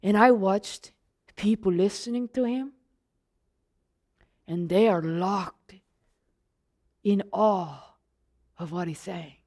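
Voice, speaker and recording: A woman's voice: mid-range voice, slow, pauses often, darkish tone. A woman playing the apostle John, retelling his days with Jesus in first person and asking the listeners questions directly. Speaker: storyteller in character. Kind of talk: first-person Bible storytelling.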